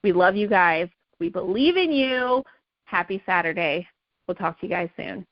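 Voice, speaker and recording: A woman with a mid-range voice and lively intonation leads a sales call at normal speed, giving a pep talk that's emphatic and repetitive and full of "okay" and "right." The audio is dull, without any room sound.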